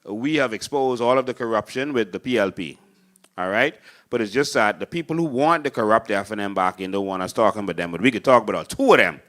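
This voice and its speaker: A man's voice: fairly low pitch, lively intonation, fast, fairly bright tone. Fiery Bahamian man preaching politics. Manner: impassioned, preachy, acts out voters in mocking voices. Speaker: political host and party leader. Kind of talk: fiery political talk show monologue. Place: studio with live audience.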